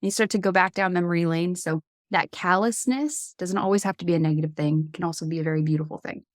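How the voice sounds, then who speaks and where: A woman who is a guest on a podcast, telling work stories in an animated, casual way and acting out the other people's lines. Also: fairly low pitch, quick pace, no room sound, studio quality. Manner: animated storyteller, acts out dialogue. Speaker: podcast guest, agency founder. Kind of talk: casual conversational interview.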